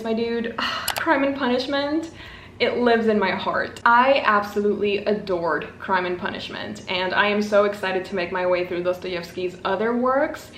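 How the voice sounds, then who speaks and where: In her book vlog, a young woman talks in a casual, bubbly way, poking fun at herself and tossing in dramatic asides. Her medium-pitched voice is a bit bright. The recording picks up an echoey room, faint ambience and slight background noise.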